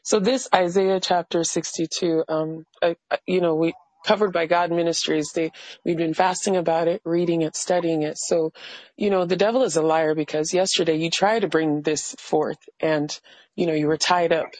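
A woman's voice: on the low side, fairly even intonation, a little mellow, no room sound, low-quality recording. Woman, caller, emotional testimony, stumbling restarts, dry close sound. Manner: halting, overwhelmed, with many restarts.

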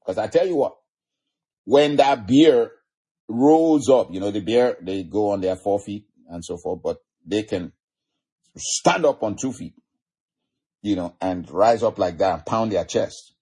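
A man's voice: on the low side, a little slow, mellow, slightly rough. A man preaching a sermon, retelling scripture stories with frequent chuckles. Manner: storytelling, chuckling often.

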